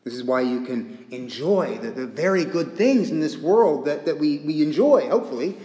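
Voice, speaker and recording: A man preaching a sermon in an earnest, deliberate way, repeating phrases and pausing often. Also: a little high, lively intonation, mellow. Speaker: pastor. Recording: echoey church hall with long reverb.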